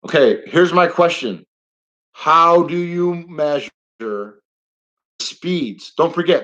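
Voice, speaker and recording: A man's voice: on the high side, expressive, takes it slowly, a bit bright, lo-fi sound. A middle-aged man hosting a casual live stream, talking bluntly and rambling, getting heated and swearing now and then.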